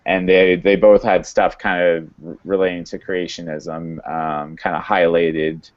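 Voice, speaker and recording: A man hosting a podcast, casually recapping a TV episode in a halting way with many fillers and restarts. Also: low voice, level tone. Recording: dull lo-fi sound.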